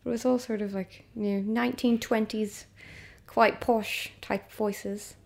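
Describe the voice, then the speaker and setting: A woman with a Northern Irish accent, guesting as a comedian on a podcast. Her voice sits somewhat high, and she tells stories in an animated, self-deprecating way. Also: unhurried, gravelly. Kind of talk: casual chat.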